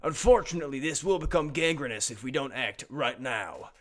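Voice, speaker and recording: A man's voice: medium pitch, lively intonation, fairly quick, fairly bright tone, natural voice. A man voicing a brain overseer figure giving a formal mission briefing.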